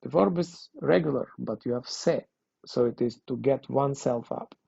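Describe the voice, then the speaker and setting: Guy teaching grammar, husky and a bit gravelly, keeps asking okay?, dull dry recording. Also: medium pitch, moderate pace, dark tone, dry recording. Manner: patient, repeats and checks with "okay?". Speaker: language teacher. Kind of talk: explaining grammar in a recorded lesson.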